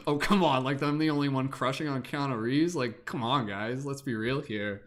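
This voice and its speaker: Rambling young man hosting an improv game. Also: medium pitch. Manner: rambling, filler-heavy, self-correcting. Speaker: host.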